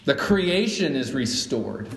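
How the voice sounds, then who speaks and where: A man's voice: mid-range voice, very animated, slow pace, creaky, slight background noise. Middle-aged guy preaching in church, chatty, asks the crowd stuff, big echoey hall sound. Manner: conversational, asks the congregation questions. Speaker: pastor. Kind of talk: sermon. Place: church sanctuary. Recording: echoey hall, mic at a distance.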